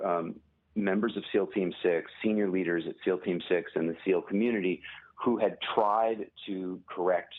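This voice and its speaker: A man, a journalist and author, speaking as a guest in a phone interview, measured and halting, with many pauses and restarts. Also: deep voice. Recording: tinny phone line.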